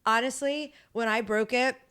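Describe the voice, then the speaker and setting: A woman's voice: on the high side, steady tone, normal speed, fairly bright tone, clear, resonant tone. A young woman, a podcast guest telling a story casually, acting out quotes and swearing freely.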